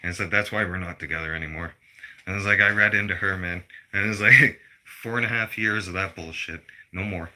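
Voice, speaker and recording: A man's voice: sits low, fairly even intonation, fairly quick, sharp tone. A middle-aged man delivering a blunt, profane personal rant to his viewers. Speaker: vlogger.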